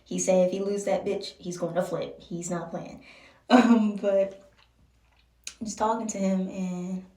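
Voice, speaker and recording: A young woman from Baltimore telling a personal story in a candid, emotional way, with slow pauses and soft whispered stretches. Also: mid-range voice, level tone. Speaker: vlogger. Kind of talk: casual storytime monologue. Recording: roomy echo from a distance.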